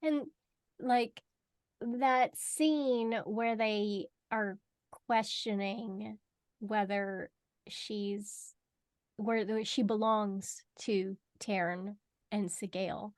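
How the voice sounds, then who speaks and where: A woman co-hosting a book podcast in casual chat, animated, swearing freely and acting out characters' lines. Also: medium pitch, drawn-out words, dry recording, clean studio sound. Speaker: podcast co-host. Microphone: video call.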